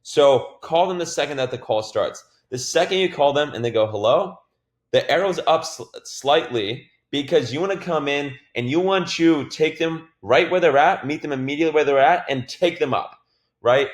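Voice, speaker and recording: A man giving a casual, energetic sales training talk, swearing now and then and filling his speech with "like.". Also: fairly high pitch, normal speed, reverberant.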